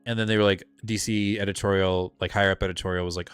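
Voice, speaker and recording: Talking fast with few pauses, this low-voiced co-host of a comic book live stream rambles with enthusiasm, tossing out fillers and casual curses. His tone is clean, and soft music plays underneath.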